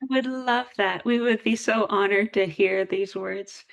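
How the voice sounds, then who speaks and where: A woman hosting an interview over a video call, speaking softly and earnestly with halting restarts. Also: mid-range voice, gravelly. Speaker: grief specialist host. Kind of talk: gentle interview talk.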